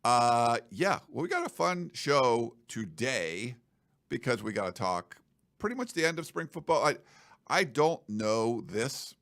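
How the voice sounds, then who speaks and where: Gravelly, lively low-voiced podcast host man. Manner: rambling, loose, joking. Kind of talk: casual chat. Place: studio.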